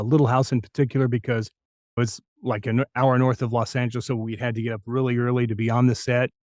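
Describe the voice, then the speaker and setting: A middle-aged man from New Mexico, a voice actor telling lively anecdotes in an interview. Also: medium pitch, no echo, clean studio sound. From New Mexico, USA. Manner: lively anecdotal, acts out quoted lines. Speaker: voice actor guest. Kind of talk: interview storytelling.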